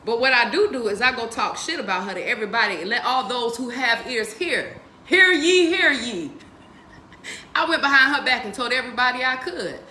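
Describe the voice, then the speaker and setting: A woman in her forties hosting a book reading stream, telling stories in a lively, profane way and laughing often. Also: a little high, fast talker, few pauses, echoey room, slight background noise. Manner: animated, profane, laughs a lot. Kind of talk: casual storytelling and book discussion.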